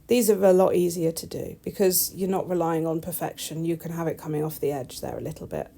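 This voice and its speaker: A woman's voice: low voice, animated, fairly quick, vocal fry, mellow. A woman, a nail technician, chatting casually over her tutorial with wry, self-deprecating asides.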